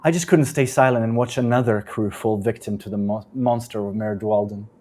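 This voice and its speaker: A woman's voice: rumbling low, fairly quick, mellow. Earnest young half-elf woman, as a male game master puts her on. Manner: outspoken, urgent.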